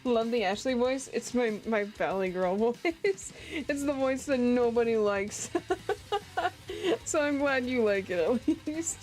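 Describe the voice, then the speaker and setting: A woman's voice: on the high side, animated, measured pace, a little mellow, faint music behind. A giggly, playful woman streamer reading a dating game aloud.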